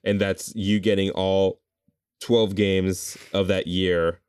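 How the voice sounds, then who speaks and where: A man in casual chat, musing aloud and trailing off as he pitches ideas. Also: flat delivery, slow, darkish tone, smooth, dry recording, studio quality.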